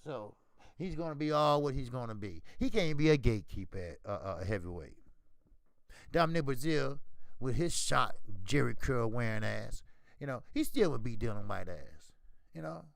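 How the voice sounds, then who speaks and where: A man hosting a boxing channel, talking casually in animated, profane trash-talk. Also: mid-range voice, normal speed, gravelly, no room sound. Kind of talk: casual commentary.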